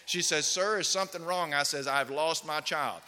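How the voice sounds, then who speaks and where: A man's voice: on the high side, normal speed, sharp tone, a little hiss or hum. Man, pastor, sermon, storytelling, long hall reverb. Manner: storytelling, asks the congregation questions.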